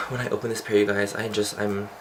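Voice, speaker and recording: A man's voice: fairly low pitch, level tone, brisk, noisy background. A young man chatting casually through a makeup tutorial, campy and playful, swearing for fun. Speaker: beauty vlogger.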